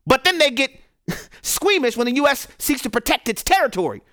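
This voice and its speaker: A man's voice: very high-pitched, sing-song, brisk, bright, forceful tone, dry recording, clean studio sound. A man hosting a radio talk show, giving emphatic political commentary and firing off rhetorical questions. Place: radio studio.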